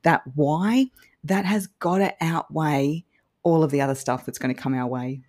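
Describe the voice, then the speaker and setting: Female guest, broadcast-trained and encouraging; pitched low. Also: normal speed, darkish tone. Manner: polished newsreader-like delivery; upbeat, encouraging. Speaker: guest social media coach. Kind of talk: podcast advice conversation.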